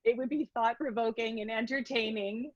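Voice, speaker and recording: A woman's voice: fairly high pitch, fairly even intonation, moderate pace, no room sound, dull audio. A woman introducing a speaker at an event, laughing often between phrases. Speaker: event host introducing the author. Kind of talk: prepared introduction speech.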